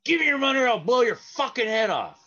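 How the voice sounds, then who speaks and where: Man voicing a young male street robber: high, loud, threatening; dull recording. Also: big pitch swings, quick pace, exaggerated voice. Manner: shouted threats.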